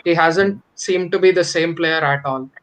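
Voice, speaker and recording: A man on a cricket analysis panel, giving his view in a measured way after a few hesitant restarts. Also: on the high side, fairly bright tone, low-quality recording. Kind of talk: post-match analysis panel.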